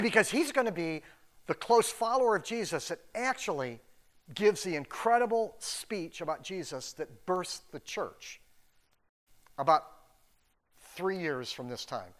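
A man's voice: sits high, fairly bright tone. A middle-aged man preaching a sermon in a loose, conversational way, full of restarts and joking asides. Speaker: pastor.

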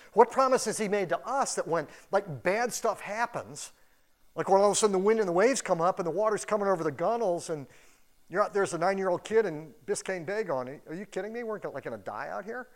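A pastor giving a casual, animated sermon in a church, acting out quoted voices as he goes. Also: sits high. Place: church building.

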